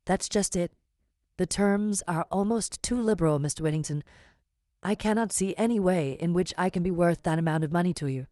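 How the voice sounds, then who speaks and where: A woman's voice: fairly low pitch, mellow, no echo, clean studio sound, lightly acted. Woman doing a spirited, wary young heroine. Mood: wary direct. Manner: brisk, direct and quick-witted. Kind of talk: audiobook character reading.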